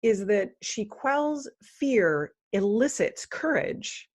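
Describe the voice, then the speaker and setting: A woman speaking as a guest on a podcast in an earnest spiritual interview, at times chanting mantras slowly. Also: medium pitch, very animated, husky.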